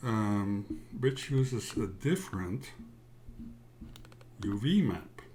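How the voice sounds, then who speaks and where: A man teaching a software tutorial in a casual, halting way, often checking in with "yeah?". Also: fairly low pitch, expressive, faint music behind. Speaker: tutorial instructor. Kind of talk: casual screen-share tutorial.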